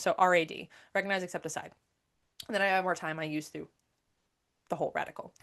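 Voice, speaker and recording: A woman's voice: medium pitch, a bit bright. A woman hosting her own podcast, telling her story in a blunt, emphatic way with plenty of swearing. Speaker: podcast host and coach. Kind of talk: candid personal monologue.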